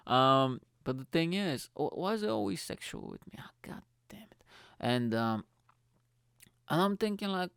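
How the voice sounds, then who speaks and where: A man's voice: on the high side, animated, moderate pace, gravelly, clear, resonant tone, no echo. Chatty swearing male podcast host. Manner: chatty, swears freely, says "mate" a lot. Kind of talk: casual comic storytelling. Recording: dry close-miked voice.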